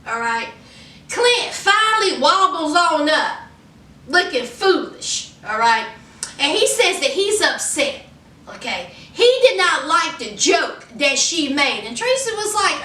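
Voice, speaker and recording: A woman's voice: very high voice, unhurried, echoey room, distant mic. A woman talking casually and sassily to her viewers as she recaps a reality show episode. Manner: animated, sassy, talks straight to viewers.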